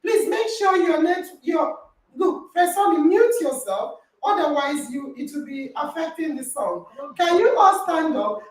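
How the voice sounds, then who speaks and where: A woman hosting an online podcast call, telling a story with animated reenacted dialogue and laughter. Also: sits high, recorded from a distance. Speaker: podcast host. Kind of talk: lively online group call chat. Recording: roomy echo, voice from off-mic.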